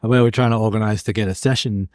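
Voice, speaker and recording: A man co-hosting a podcast, telling stories in relaxed casual chat. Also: fairly low pitch, racing, dry recording, clean studio sound. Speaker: podcast co-host.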